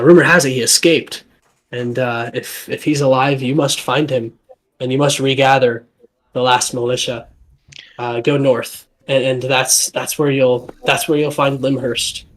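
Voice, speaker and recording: A man's voice: mid-range voice, natural voice. A man doing a stammering, shaken village rebel. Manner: stammering, hushed. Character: shaken, stuttering male villager, hopeful rebel.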